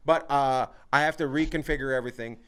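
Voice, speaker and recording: A man's voice: medium pitch, fairly even intonation, quick pace, fairly bright tone, clean tone. A man hosting a casual comedy podcast with a Canadian accent, rambling, restarting his sentences and laughing often. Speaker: podcast host.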